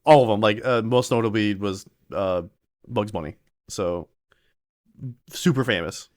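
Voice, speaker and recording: A man streaming live, chatting casually and excitedly in a rambling way with many fillers. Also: fairly low pitch, a little slow. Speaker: streamer reacting to a panel video. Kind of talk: casual chat while drawing.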